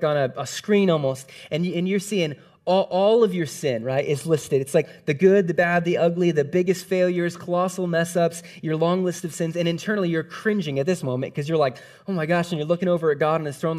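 Male preacher, sermon, conversational, casual, lively, slightly higher voice.

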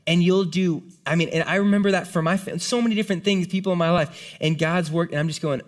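A man's voice: a little high, quick pace, hardly any pauses. A man preaching a sermon to a congregation in an earnest, conversational way, often dropping in "like". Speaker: pastor.

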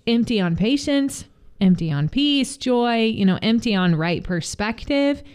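Woman cohost on a faith morning show, kinda high voice, earnest and reflective. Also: animated, a little slow, a little mellow, smooth. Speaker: co-host. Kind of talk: faith-based morning chat.

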